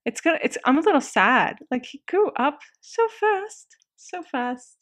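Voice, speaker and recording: A woman giving casual let's-play game commentary, chatty and excitable, quick to laugh. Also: sits high.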